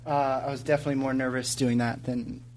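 A young man, soft-spoken and earnest, reading a heartfelt letter and chatting on a podcast. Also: medium pitch, little pitch movement, fast. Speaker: podcast co-host. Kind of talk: reading a heartfelt letter aloud, then casual chat.

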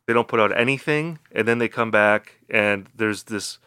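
A man's voice: on the low side, moderate pace, pushed and bright, smooth, no echo. A man co-hosting a casual music podcast, jokey and upbeat as he reads out listener questions. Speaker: podcast co-host.

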